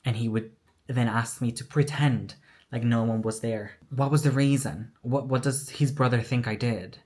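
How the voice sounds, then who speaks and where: A woman's voice: a bass voice, fairly even intonation, moderate pace, dark tone. A woman telling a personal story in a candid, emotional vlog, acting out what others said. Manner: candid, emotional retelling with quoted dialogue. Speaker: vlogger.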